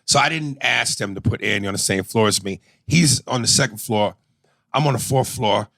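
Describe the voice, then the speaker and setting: A man's voice: on the low side, moderate pace, creaky, no echo. A man co-hosting a podcast, telling loose, profane stories in casual chat. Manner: profane, animated storytelling with impressions. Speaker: podcast co-host.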